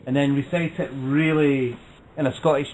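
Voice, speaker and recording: A man co-hosting a casual radio chat, joking and quick to agree. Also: medium pitch, steady tone, a little mellow, poor audio. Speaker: co-host. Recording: faint background noise.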